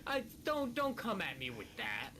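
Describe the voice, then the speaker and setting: A man's voice: sits high, huge pitch swings, measured pace, bright, forceful tone, rough recording. A young man chatting casually while gaming, telling stories with wry, joking complaints. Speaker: co-player, friend of host. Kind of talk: casual chat while playing. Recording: audible background noise.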